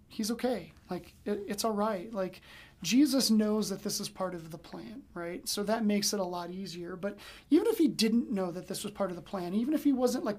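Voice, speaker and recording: A woman hosting a daily Bible study, reading scripture and then commenting in a chatty, animated way full of "um" and "like". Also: mid-range voice.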